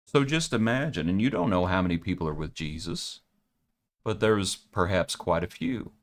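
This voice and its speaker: A man with a low, deep voice teaches a daily devotional Bible lesson. He speaks in a reflective, halting way, often repeating a word and restarting his sentences as he works through a passage. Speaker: preacher.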